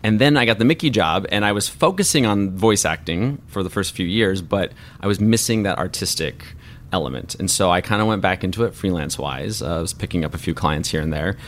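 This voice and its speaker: Deep-voiced man telling an earnest story. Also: lively intonation, fairly quick, a little hiss or hum. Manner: earnest, reflective, openly emotional. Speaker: voice actor and artist guest. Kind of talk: personal storytelling in an interview.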